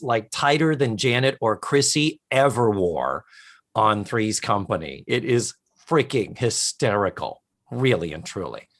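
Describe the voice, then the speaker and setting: A man co-hosting a podcast in casual chat, animatedly retelling comedy scenes and quoting lines. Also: medium pitch. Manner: animated retelling of scenes with quick quoted voices. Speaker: podcast co-host.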